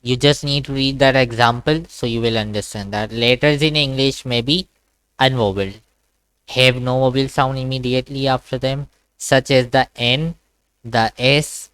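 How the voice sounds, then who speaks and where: A man teaches Quran reading in a one-to-one online lesson, slowly repeating each sound and checking in with "okay?" His voice is smooth and clear, and the sound is dry and close. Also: medium pitch, steady tone, a bit bright, no room sound. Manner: patient, repetitive, checks understanding with "okay?". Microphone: video call.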